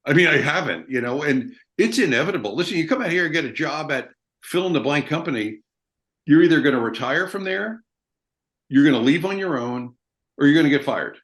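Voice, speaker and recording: A man's voice: a little high, lively intonation, fairly quick, a bit bright. Blunt, emphatic veteran man. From United States. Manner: emphatic, blunt, swears freely. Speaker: guest, army veteran. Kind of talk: casual interview talk.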